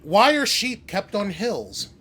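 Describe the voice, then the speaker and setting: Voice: medium pitch, very animated, slow, fairly bright tone, slight background noise. An interviewer asking casual, playful questions in an upbeat, teasing way.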